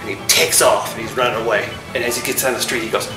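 A man's voice: medium pitch, steady tone, quick pace, echoey room, music in the background. A man hosting a casual talk show, retelling comic book jokes in a chatty storyteller's way. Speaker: host.

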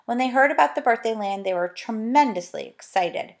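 Expressive woman reading a storybook aloud. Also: fairly high pitch, brisk. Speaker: teacher. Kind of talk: reading a children's book aloud.

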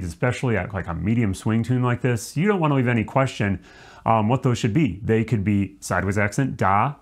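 A man teaching a music lesson, explaining rules step by step and now and then singing short syllables to demonstrate. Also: mid-range voice. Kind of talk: instructional explanation.

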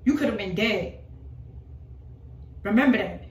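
A woman's voice: medium pitch, expressive, measured pace, recorded from a distance. A woman delivering an informal prophetic sermon, emphatic and repetitive, driving her points home with rhetorical questions. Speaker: preacher. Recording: roomy voice from off the mic.

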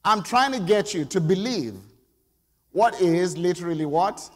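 This middle-aged preacher speaks in a high pitch with lively intonation and an unhurried pace. He delivers a conversational sermon in a church sanctuary, frequently inviting the congregation's response, and the recording carries a long church reverb.

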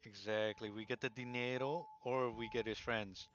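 A man with a mid-pitched voice trades cocky, slangy banter while gaming with friends. He boasts and jokes loosely over voice chat. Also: steady tone, normal speed, fairly bright tone, highs cut off, slight background noise. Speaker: gaming teammate.

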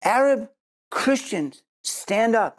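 A man's voice: high voice, lively intonation, takes it slowly. A man teaching as a Messianic Jewish preacher, delivering an earnest sermon and closing in prayer, often repeating words as he finds his thought. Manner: earnest, repeats words while searching for them.

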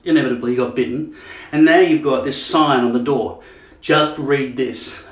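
A man's voice: medium pitch, a little fast. A man vlogging casually at home, joking and swearing as he rambles. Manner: crude, joking, mocking. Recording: echoey dull room sound.

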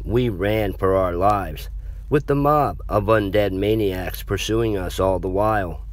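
A man reading a horror story as a narrator in a measured, dramatic way. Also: fairly low pitch.

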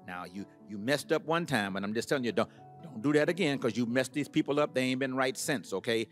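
A man's voice: medium pitch, brisk, soft background music. A man, a pastor, giving a playful, teasing speech at a tribute. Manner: playful, teasing preacher's delivery.

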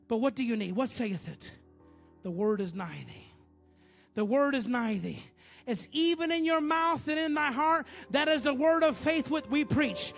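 A man with a strikingly high voice preaches a sermon, jumping from loud, driven lines to low, quiet asides. He repeats phrases over and over to drive them home. Soft music plays faintly underneath. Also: lively intonation, moderate pace. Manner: preaches with sudden swings from loud bursts to low murmurs. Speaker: pastor.

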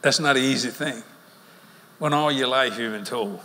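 A man's voice: medium pitch, normal speed, pushed and bright, slight background noise. An older man with a Louisiana accent preaching a sermon through folksy, joking stories, recorded in a large meeting hall. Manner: folksy, joking, drawling storyteller. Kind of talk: humorous sermon storytelling. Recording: reverberant hall with faint ambience.

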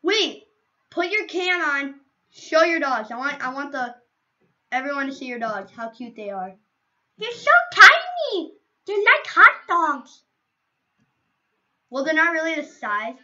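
High, bright-voiced playful gaming streamer woman. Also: normal speed, lo-fi sound. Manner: playful, rambling, silly asides. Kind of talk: casual gameplay chatter.

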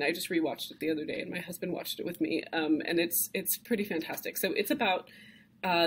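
A woman in her thirties with a somewhat low voice teaches an art history class in a relaxed, conversational way. She gets openly excited about the material and fills her pauses with ums and uhs. A faint background noise sits under the recording. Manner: conversational, enthusiastic, with frequent fillers. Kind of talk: classroom lecture.

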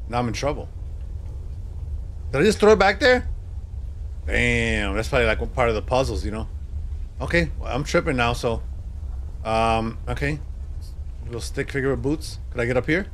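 A man playing a horror game on his channel, talking to himself and yelping with excitement. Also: mid-range voice, normal speed, long pauses, slight background noise. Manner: excitable, yelps and laughs, talks to himself.

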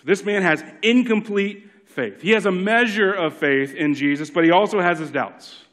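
Male pastor, sermon, slightly high voice, emphatic then hushed delivery, repeats lines for emphasis. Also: normal speed, few pauses. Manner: dynamic preaching, swings from loud emphatic lines to hushed ones; repeats key lines for emphasis, acts out quotes. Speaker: lead pastor.

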